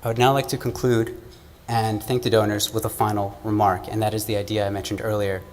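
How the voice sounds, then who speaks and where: Young midwest guy, student speech, earnest and measured, big hall echo with faint room hum. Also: lowish voice, little pitch movement, darkish tone. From American Midwest. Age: young adult. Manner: earnest, measured, oratorical delivery. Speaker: student speaker. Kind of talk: prepared speech at an event. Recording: long hall reverb, faint room noise.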